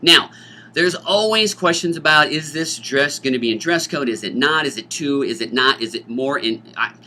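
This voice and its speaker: A middle-aged man, a teacher, explaining a school dance's rules to students in an animated, joking way, often acting out student voices. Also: medium pitch, normal speed. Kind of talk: informational talk to students.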